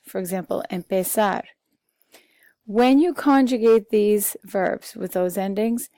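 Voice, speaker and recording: A woman leads a recorded Spanish lesson, reading word lists slowly and patiently. Her voice is mellow and unhurried. The recording is dry, with little room sound. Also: mid-range voice, no room sound. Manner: slow, patient, talks through vocabulary lists with fillers. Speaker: Spanish teacher.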